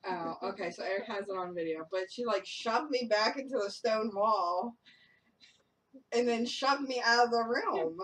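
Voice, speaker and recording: A young woman and paranormal investigator telling a ghost story in casual group chat, lively, laughing often and acting out what people said. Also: on the high side, normal speed. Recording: distant mic with faint noise.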